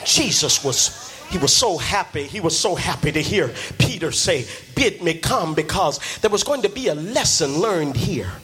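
A man preaching a sermon with fervent call-and-response delivery and shouted peaks. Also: fairly high pitch, sing-song, normal speed, faint music behind.

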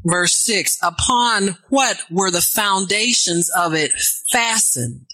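Speaking slowly yet with animation, a medium-pitched woman reads scripture in a sermon and talks back to herself, her asides growing into fervent near-shouts. Dry, rough recording.

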